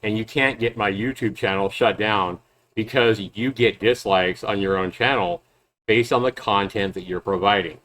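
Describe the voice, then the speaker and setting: A man's voice: lowish voice, normal speed, a bit bright. A man who reviews and makes games, talking back at a rival's clips in a sarcastic, mocking way. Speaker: YouTube game reviewer and developer. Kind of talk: reaction commentary.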